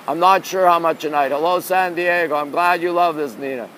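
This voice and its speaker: A man's voice: a little high, fairly quick, fairly bright tone. A man with a New York accent live-streaming outdoors on a rainy city street at night, chatting casually and reading viewers' comments aloud into a phone held in one hand. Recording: faint street noise behind.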